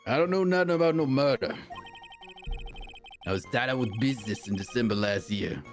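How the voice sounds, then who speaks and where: A man's voice: mid-range voice, expressive, brisk, faint music behind, natural voice. A man doing a tough-guy Brooklyn mobster. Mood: dismissive. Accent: put-on Brooklyn. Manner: tough-guy slang, threatening, bragging. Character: gruff male loan-shark mobster witness, menacing, boastful. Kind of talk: voicing a game character on stream.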